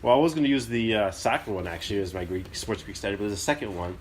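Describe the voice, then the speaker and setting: Man, low voice, casual storyteller, easy laugh, faint room hum. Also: fast. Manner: storytelling, laughs through anecdotes, animated when mimicking his dad. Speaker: podcast co-host. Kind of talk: casual chat.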